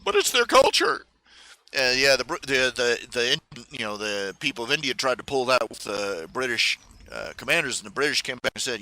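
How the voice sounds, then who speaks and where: A man's voice: mid-range voice, big pitch swings, sharp tone. A man hosting a live stream, talking in a rambling casual monologue full of fillers and restarts. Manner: halting, many fillers and restarts, mocking put-on accents in quotes.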